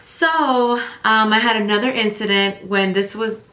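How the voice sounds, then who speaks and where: Bright-voiced woman rambling in a roomy echo. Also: medium pitch, measured pace. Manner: rambling, filler-heavy retelling. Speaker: vlogger. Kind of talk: casual storytime.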